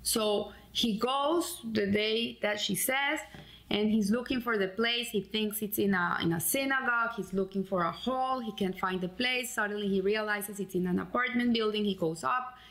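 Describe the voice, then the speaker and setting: A woman's voice: mid-range voice, moderate pace, fairly bright tone, low-quality recording. A woman giving a weekly Torah portion lesson and telling a story in an earnest, heartfelt way. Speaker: Torah teacher.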